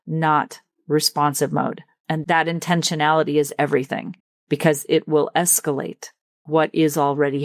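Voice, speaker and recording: Low-voiced woman coaching on a podcast. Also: no room sound, studio quality. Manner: earnest, empathetic, slows down to stress points. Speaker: leadership coach and podcast host. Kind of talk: solo podcast coaching talk.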